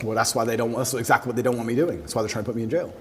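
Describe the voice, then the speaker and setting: A man in his thirties being interviewed, talking forcefully and firing off rhetorical questions. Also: medium pitch, steady tone, rapid-fire, slight background noise. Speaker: interview guest. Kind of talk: emphatic interview talk. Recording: room with long reverb.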